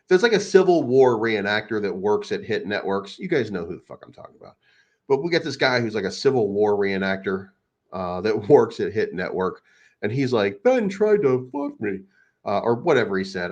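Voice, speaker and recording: A low-voiced man rants in a loose, rambling way, crude and mocking as he hosts a crypto channel. His voice comes through a dull, lo-fi recording. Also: animated, a little fast. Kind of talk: casual unscripted rant.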